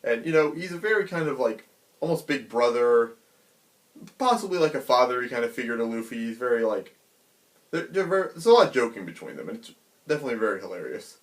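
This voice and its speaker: Animated man retelling a manga chapter. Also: mid-range voice, fast talker. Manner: animated, chatty, many fillers. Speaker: manga reviewer. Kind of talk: casual retelling with acted-out quotes.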